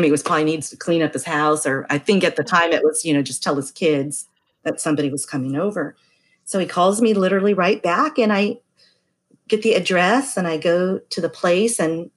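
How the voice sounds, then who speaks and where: A middle-aged woman, a massage therapist, telling a story in casual chat and acting out the voices of people she quotes. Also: sits low. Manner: chatty, acts out quoted voices.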